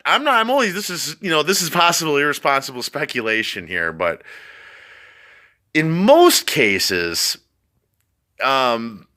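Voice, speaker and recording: A man reads a story aloud on his vlog and keeps wandering off into laughing commentary. His voice is sharp and forceful. His pitch jumps around a lot. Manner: keeps breaking into laughter, rambling asides. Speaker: vlogger reading out a news story.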